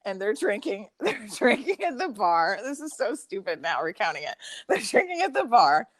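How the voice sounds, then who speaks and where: A woman's voice: medium pitch, normal speed, dry recording. A young adult woman, a podcast guest, telling a personal story in casual chat, full of fillers and swearing. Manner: profane, filler-heavy, animated retelling.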